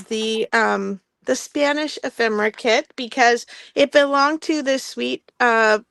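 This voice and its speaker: A woman's voice: fairly high pitch, creaky, a bit bright, dry recording. A woman hosting a live online sale, chatting casually about vintage items and laughing often between filler words.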